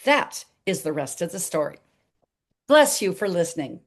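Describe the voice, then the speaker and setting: Older woman telling a lively story. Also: fairly low pitch, moderate pace. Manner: animated storyteller acting out dialogue. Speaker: interview guest, author. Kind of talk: storytelling interview.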